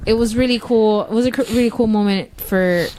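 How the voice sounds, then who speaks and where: A woman's voice: fairly high pitch, brisk, mellow, a little hiss or hum. A woman chatting casually as a podcast guest, rambling with many fillers and casual swearing. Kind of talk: casual chat.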